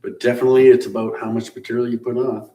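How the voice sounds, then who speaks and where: A middle-aged man with a medium-pitched, warm voice talks fast in a level tone while hosting a live car-building stream. He chats casually with viewers, rambling through shop-talk explanations and chuckling now and then. The mic sits at a distance in a roomy space, picking up faint hiss.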